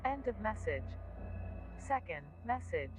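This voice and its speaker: Mechanical answering-machine lady voiced by a woman, slow and sing-song. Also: mid-range voice, faint music behind. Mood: announcing. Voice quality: flat, mechanical. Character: automated female voicemail announcer.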